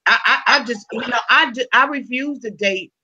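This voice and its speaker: A woman's voice: a little high, normal speed, sharp tone. A woman in her fifties, talking frankly and emphatically in a casual chat. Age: 50s. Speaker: host. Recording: dull lo-fi sound.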